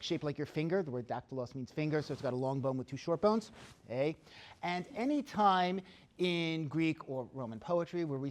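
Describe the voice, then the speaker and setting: Male lecturer, higher-pitched, lively, explains step by step and checks in with the room. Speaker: classics lecturer. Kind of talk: university lecture.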